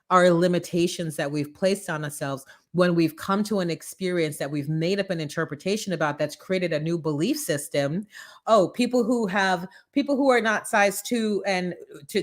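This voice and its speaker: A woman hosting a live morning show, giving a preachy, animated motivational talk full of acted-out quotes. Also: lowish voice.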